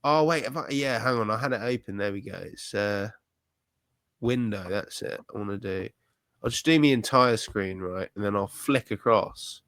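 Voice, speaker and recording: A man co-hosting a podcast, talking in a blunt, sweary, animated rant. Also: lowish voice, normal speed, no echo. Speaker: podcast co-host. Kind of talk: ranty casual chat.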